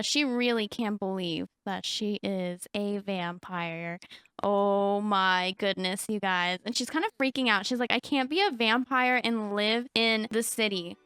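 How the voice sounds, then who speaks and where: Woman, gaming host, excitable commentary, high voice, dry close recording. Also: clear, resonant tone, dry recording. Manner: excitable, gasps and narrates dramatically to viewers. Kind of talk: game commentary.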